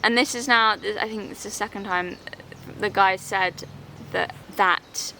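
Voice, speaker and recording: Woman vlogger, crisp bright tone, casual rambling rant with lots of fillers, faint noise behind. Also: medium pitch, steady tone, normal speed. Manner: rambling, exasperated rebuttal with many fillers. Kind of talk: casual vlog chat.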